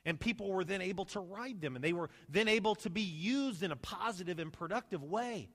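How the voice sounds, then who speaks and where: A man preaching a sermon as pastor, animated, swinging between loud emphasis and soft, slow asides. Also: high-pitched, big-room sound. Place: church sanctuary.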